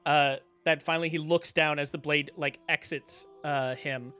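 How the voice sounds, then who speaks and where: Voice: mid-range voice, steady tone, moderate pace, bright, forceful tone, clean tone, soft background music. A game master narrating a tabletop game and explaining rules in a casual, patient way.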